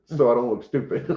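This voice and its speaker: A man hosting a casual chat, playful and teasing, laughing often. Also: medium pitch. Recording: roomy, slightly dull recording.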